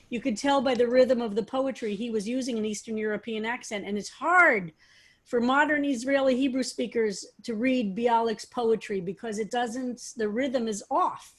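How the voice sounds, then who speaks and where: A woman rabbi leading a study class, talking animatedly and throwing out question after question, with frequent restarts. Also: fairly high pitch. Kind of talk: teaching a text study class.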